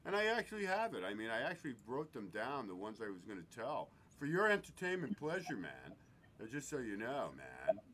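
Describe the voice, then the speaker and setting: Guy hosting a podcast, lively up-and-down voice, cusses a lot, bit of room hiss. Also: mid-range voice, brisk. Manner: loose, swearing, animated joke-telling, swings from loud to murmured. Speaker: show host. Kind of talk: casual podcast chat with jokes.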